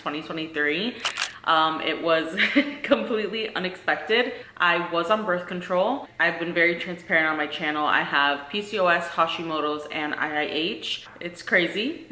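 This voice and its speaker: A woman's voice: sits low, pushed and bright. A woman in her thirties chatting to camera in a casual vlog, earnest and talkative, full of "like" and "um". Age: 30s. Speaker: vlogger. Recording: echoey room.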